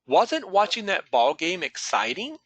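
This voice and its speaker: A man's voice: high-pitched, wildly swooping pitch, measured pace, a bit bright, husky, no room sound. A man teaching an online class over a video call, patiently calling on students by name.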